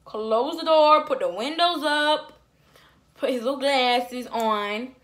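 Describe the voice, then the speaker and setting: A young woman vlogger telling a personal story in an animated way, with many fillers. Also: sits high, takes it slowly. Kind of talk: storytime vlog.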